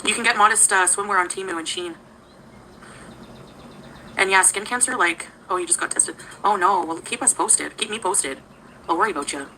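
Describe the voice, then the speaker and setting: A woman's voice: mid-range voice, moderate pace, pauses often, sharp tone, a little hiss or hum, poor audio. A woman talking casually on a livestream, greeting viewers by name and giggling often.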